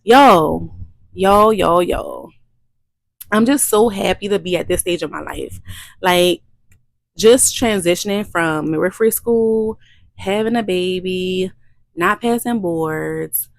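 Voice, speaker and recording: A woman from Louisiana, a midwife who hosts her own vlog channel, gives a heartfelt testimony in an emotional, repetitive, faith-filled way. Her voice is fairly low with vocal fry, her pace measured, and there's no echo.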